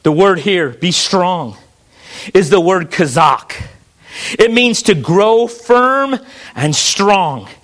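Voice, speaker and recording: A man's voice: sits high, animated, slow, a bit bright. A man preaching a sermon as pastor, earnest and repetitive, often restarting his phrases.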